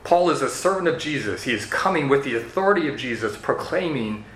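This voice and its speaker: A man preaching a verse-by-verse sermon at a middle pitch, in an earnest teaching tone. His voice rings in a reverberant room. A faint hum of ambience sits behind him. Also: expressive, brisk, fairly bright tone. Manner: earnest teaching tone, leads listeners through verses. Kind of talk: expository sermon.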